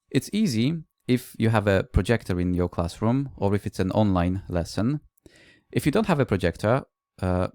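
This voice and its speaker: A man with a fairly low voice presents at a language-teaching conference, explaining calmly and telling classroom stories with a few "uh" fillers. The sound is dry and close, with no room echo.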